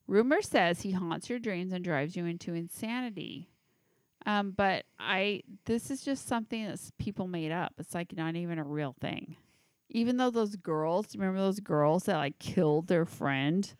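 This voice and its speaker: Tipsy and hiccuping, a female podcast host giggles and swears her way through a list of creepy legends in a casual chat, stumbling over names as she goes. Her voice is on the low side, clear and resonant, at a normal speed. The studio sound is clean with no echo.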